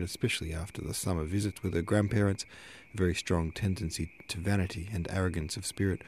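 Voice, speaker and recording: A man narrating a classic novel aloud in a measured reading, now and then correcting a slip. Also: low voice, a little mellow. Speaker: audiobook narrator.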